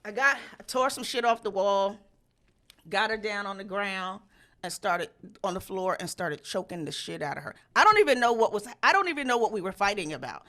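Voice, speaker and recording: A woman telling a story in casual chat, animated and profane, and she jumps into loud high voices when she quotes people. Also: brisk. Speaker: storyteller host.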